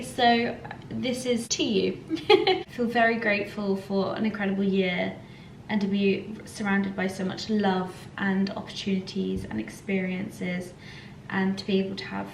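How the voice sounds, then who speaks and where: This lifestyle vlogger, a young woman, chats in a casual, gushing way from inside her home, her medium-pitched voice showing vocal fry. Slight background noise sits under the echoey room's faint ambience.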